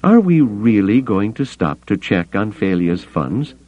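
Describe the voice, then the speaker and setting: A man voicing a composed woman diplomat who speaks in a quiet, measured way. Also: lowish voice, sing-song, narrow, tinny audio, voice pushed up. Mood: calm.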